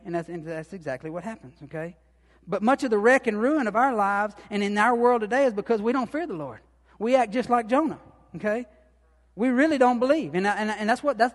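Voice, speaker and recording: A man preaching a sermon in a folksy, repetitive way, building to emphatic bursts. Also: high voice. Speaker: lay preacher. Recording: long reverb of a hall.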